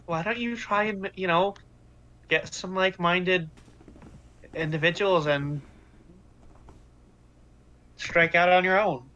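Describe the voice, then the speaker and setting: A man voicing a wary teenage girl who questions a secret agent in slow, earnest, probing questions. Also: high-pitched, bright, forceful tone, full character voice. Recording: muffled online call audio.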